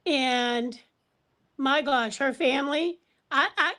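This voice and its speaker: A woman from the Pittsburgh area chatting as a guest on a live panel, full of quick asides and fillers. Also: high-pitched, bright, forceful tone. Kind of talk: casual chat.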